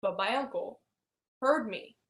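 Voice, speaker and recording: Soft-spoken woman telling a painful story. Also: mid-range voice, unhurried. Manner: often drops to a soft near-whisper. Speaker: hypnosis client. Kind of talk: emotional personal storytelling. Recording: roomy echo.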